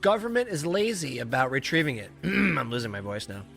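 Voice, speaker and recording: Guy hosting a comedy podcast, a bit high voice, rambling and crude, faint music behind. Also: big pitch swings, brisk, gravelly, a bit bright. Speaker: podcast host. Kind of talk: casual comedy banter, reading news stories.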